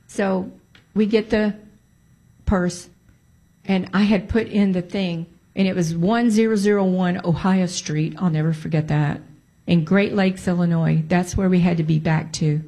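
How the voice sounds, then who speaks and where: Woman telling a story from her life, animated, keeps repeating stuff for emphasis, some prayerful bits. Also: mid-range voice, moderate pace. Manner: animated, breaks into prayerful exclamations. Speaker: storyteller sharing a personal testimony. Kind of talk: casual spoken storytelling.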